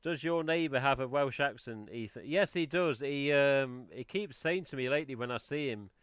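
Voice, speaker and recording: A man's voice: mid-range voice, brisk, hardly any pauses, a bit bright, smooth, dry recording. A man hosting a casual livestream, chatting in a rambling, self-interrupting way. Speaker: livestream host. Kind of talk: casual chat.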